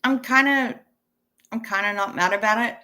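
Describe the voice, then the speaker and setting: A woman's voice: on the high side, moderate pace, pushed and bright. A woman in her fifties hosting a casual livestream, chatty and profane as she thanks viewers and answers the chat. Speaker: livestream host reading chat. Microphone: webcam stream setup.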